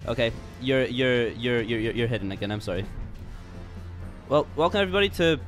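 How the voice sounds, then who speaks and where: With jazz playing faintly in the background, a young man streams a game and rambles goofily, poking fun at himself and stumbling into restarts. He speaks a little fast in a mid-range voice during this casual livestream chat.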